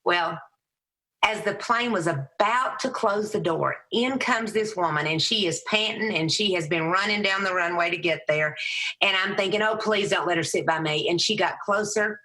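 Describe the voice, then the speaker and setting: A middle-aged woman with a heavy Southern accent, a Christian motivational speaker telling lively stories as a podcast guest. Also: normal speed. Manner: animated storyteller, raises her voice high for quoted people. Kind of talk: storytelling interview answer.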